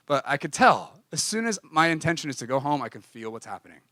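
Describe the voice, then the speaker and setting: A young adult man preaching, telling a personal story in an animated, confessional way and acting out dialogue. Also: fairly high pitch, fast talker, no echo, clean studio sound. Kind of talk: storytelling sermon.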